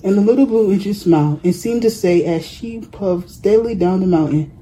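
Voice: medium pitch, brisk, mellow, a little hiss or hum, rough recording. A reader narrating a children's picture book aloud in a plain storybook manner.

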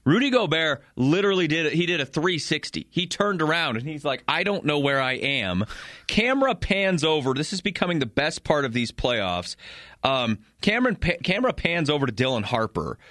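A man co-hosting a casual sports talk show, animated and acting out players' reactions. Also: on the high side, fairly quick, dry recording, clean studio sound.

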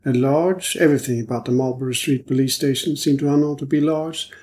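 Man, audiobook narrator, measured even reading, mid-pitched. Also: poor audio. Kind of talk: scripted narration.

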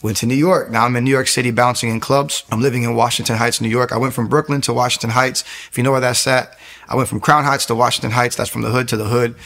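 A man's voice: medium pitch, fairly even intonation, fast talker, vocal fry, fairly bright tone. A young man giving a candid, earnest personal testimony, often stopping and restarting his sentences.

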